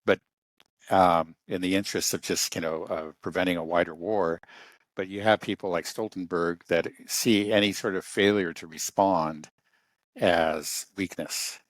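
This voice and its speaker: A man with a very low, deep voice talks in an unscripted political discussion. He stops and restarts often and fills his pauses with um and you know. The sound is dry and close, with no room around it. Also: steady tone, dry recording. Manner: halting, many restarts and fillers.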